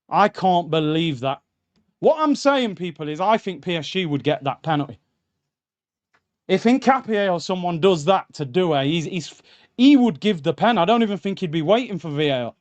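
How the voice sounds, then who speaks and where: Heated young man on a football stream. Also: on the high side. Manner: heated, indignant, addresses viewers as lads and bro. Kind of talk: live match watchalong commentary. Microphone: streaming mic.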